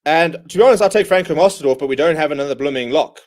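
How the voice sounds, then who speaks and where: A man hosting a live rugby watchalong, calling the play in quick bursts and ranting in exasperation at his own side. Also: fairly high pitch, darkish tone. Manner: exasperated, ranting fan commentary. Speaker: watchalong host. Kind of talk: live match watchalong commentary.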